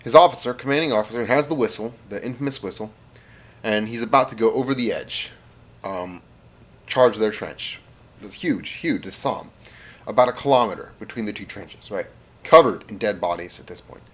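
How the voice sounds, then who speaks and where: A man's voice: on the low side, normal speed, fairly bright tone. A man casually telling a rambling comic story, with fillers and spoken sound effects.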